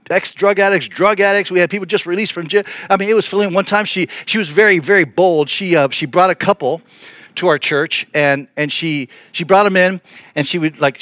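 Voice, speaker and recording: A man's voice: fairly high pitch, no room sound. Dry-sounding middle-aged preacher man. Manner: earnest, animated storytelling with restarts. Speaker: pastor. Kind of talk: sermon storytelling.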